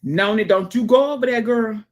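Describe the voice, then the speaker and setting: A woman hosting a live stream, reading viewer comments aloud in a casual, exclamatory way, with folksy sayings, humming, and whispered asides. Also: fairly high pitch. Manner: animated and exclamatory, dropping into murmured asides and whispers; folksy sayings and drawn-out hums.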